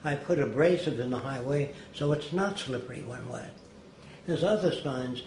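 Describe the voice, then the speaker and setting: An elderly man recounts stories with emphasis, slipping into the voices of those he quotes. His pitch sits in the middle range. The room around him is echoey, with a faint background hiss. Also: normal speed, creaky, darkish tone. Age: older. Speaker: interviewee. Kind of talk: anecdotal storytelling. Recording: roomy echo, faint noise.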